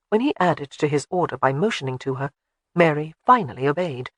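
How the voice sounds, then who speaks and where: A man reading an audiobook in a measured, even way. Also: a little high, no echo. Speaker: audiobook narrator. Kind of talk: scripted narration.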